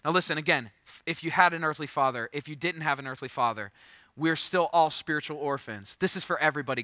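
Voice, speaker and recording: Bright-voiced animated man preaching. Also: on the high side, fast talker, no echo. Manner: storytelling, animated and joking. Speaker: pastor. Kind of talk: sermon.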